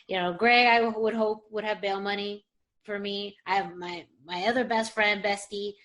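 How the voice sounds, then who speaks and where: A woman's voice: mid-range voice, steady tone, moderate pace, fairly bright tone. A woman co-hosting a casual podcast, chatty and rambling, laughing often, recorded over a video call. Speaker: podcast co-host. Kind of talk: casual chat. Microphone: webcam video call.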